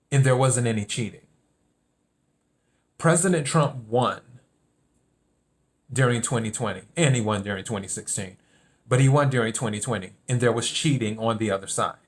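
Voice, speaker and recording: A man hosting a solo political commentary podcast, talking emphatically and repeating his key points. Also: medium pitch. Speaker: podcast host.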